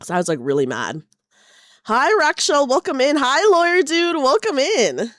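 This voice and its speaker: A bubbly young woman chatting on a live stream, greeting viewers one after another. Her voice sits fairly high and swings up and down a lot as she talks. The sound is dry and close. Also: sing-song, normal speed, fairly bright tone, dry recording. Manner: bubbly, greets chat by name. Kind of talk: casual live-stream chat.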